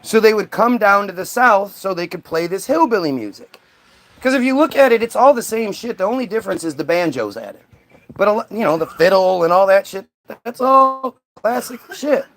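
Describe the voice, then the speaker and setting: A man's voice: sits high, expressive, brisk, fairly bright tone. A middle-aged man hosting a podcast in casual chat, talking in a rambling, emphatic way with plenty of swearing. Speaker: podcast host.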